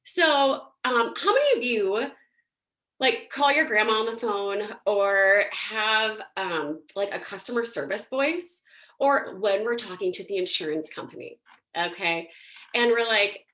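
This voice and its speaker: A woman's voice: mid-range voice, lively intonation, unhurried, fairly bright tone. A woman teaching a singing and voice workshop in a casual, chatty way, often using fillers. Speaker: singing and voice instructor.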